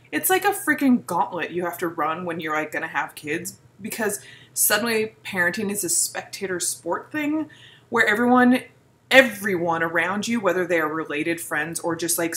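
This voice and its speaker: A woman's voice: medium pitch, a bit bright, slight background noise. A pregnant woman in her thirties ranting in a casual vlog, blunt and sarcastic, mimicking other people's remarks. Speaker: vlogger.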